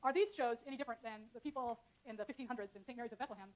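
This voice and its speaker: A middle-aged woman giving a university lecture in a loose, conversational way, with lots of ums and uhs. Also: on the high side. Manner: fast, filler-heavy, conversational explaining. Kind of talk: classroom lecture. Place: lecture hall.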